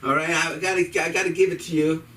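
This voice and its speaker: A man's voice: a little high, level tone, quick pace, pushed and bright, distant mic, faint music behind, rough recording. A man doing a rambling, irreverent stand-up set at an open mic, cursing freely. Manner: rambling, irreverent, profane delivery. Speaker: stand-up comedian. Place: comedy club stage.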